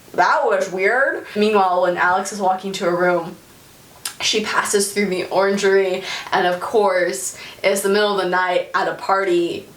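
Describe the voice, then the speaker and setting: A woman co-hosting a casual book podcast, recapping a plot with lively swearing and quick character voices. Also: mid-range voice, roomy sound, recorded from a distance. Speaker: podcast co-host.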